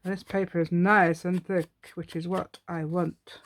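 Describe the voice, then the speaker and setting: A woman's voice: on the low side, little pitch movement, measured pace. A woman hosting a crafting tutorial, chatting as she works, rambling and laughing often. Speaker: craft channel host.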